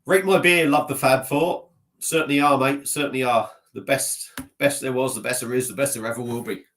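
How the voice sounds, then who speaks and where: A man's voice: medium pitch, steady tone, fairly quick, a bit bright. Brief: guy on a casual home live stream, stuffy-nosed, rambling and self-deprecating into a laptop mic. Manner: rambling, self-mocking, chatty, reading out comments. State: slightly stuffy nose. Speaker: beer vlogger live-streaming. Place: at his desk at home.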